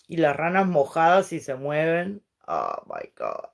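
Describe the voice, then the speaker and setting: A middle-aged woman hosts a relaxed livestream chat with viewers. She talks at an unhurried pace and wanders from story to story. She drifts easily between English and her Spanish. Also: low voice, creaky. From Uruguay. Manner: rambling and chatty, switching between English and Spanish. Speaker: livestream host chatting with viewers. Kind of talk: casual live-stream chat.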